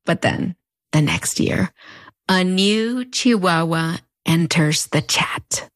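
A woman's voice: lowish voice, slow, no echo, studio quality. A woman in her thirties or forties with a fronterizo border accent, narrating a commentary in a wry, conversational way with playful asides. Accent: Mexican border (fronterizo). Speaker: video essay host.

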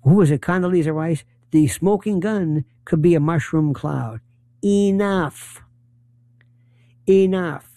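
A man's voice: fairly high pitch, slow, dark tone, no room sound, clean studio sound. A man delivering an impassioned political monologue, firing off rhetorical questions and rambling as he gropes for names. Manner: heated, rhetorical, rambling, often searching for names.

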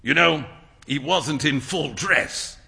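Guy reading as a breezy amused painter, high bouncy voice, super bright. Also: slow, creaky, husky, exaggerated voice. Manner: breezy, lively, laughing. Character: amused, worldly young male painter.

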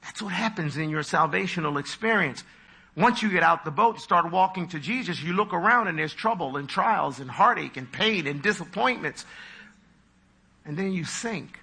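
A man preaching a sermon with dramatic delivery, acting out voices with big leaps in pitch. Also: animated, moderate pace, gravelly, pushed and bright, slightly rough.

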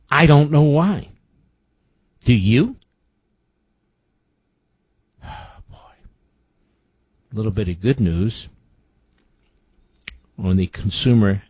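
A political talk radio host with a fairly low, mellow, husky voice, recorded with no echo. He reads out news quotes and interrupts them with indignant, sarcastic remarks.

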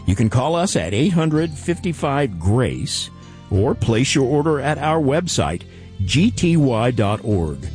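Rich: A male radio host with a lively, expressive pitch, reading announcements in a smooth broadcast manner. Faint music plays softly underneath his voice.

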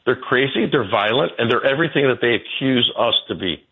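A man in his sixties, a guest telling stories in a rambling way, his pitch jumping about as he goes. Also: expressive, brisk, husky. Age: 60s. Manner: rambling storyteller, jumping pitch, laughs between. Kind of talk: casual interview talk. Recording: tinny phone line.

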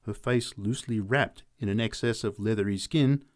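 A man reading a literary story aloud in measured, expressive narration. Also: lowish voice.

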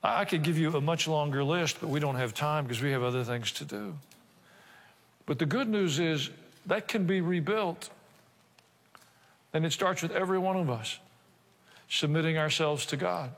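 A man's voice: on the high side, normal speed, long pauses. An older man preaching a sermon, talking conversationally with asides and rhetorical questions. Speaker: pastor. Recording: reverberant church hall.

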